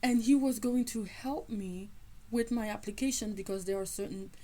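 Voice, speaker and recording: Woman telling her faith testimony, animated storyteller, acts out the people in it, mid pitch voice. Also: moderate pace, poor audio. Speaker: faith teacher sharing a testimony.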